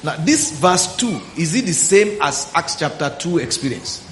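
A man delivers a Bible teaching sermon in a high, ringing voice. He keeps checking with his listeners and draws out words for weight. The room is echoey and faint ambience sits underneath. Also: very animated, moderate pace, slight background noise. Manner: questioning the congregation, drawing out words for emphasis. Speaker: pastor.

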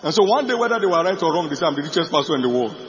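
Male pastor, middle-aged, animated bold sermon, dull lo-fi sound, long hall reverb. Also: fairly high pitch, racing. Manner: bold preaching, bursts of shouting and laughter. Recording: dull echoey hall recording.

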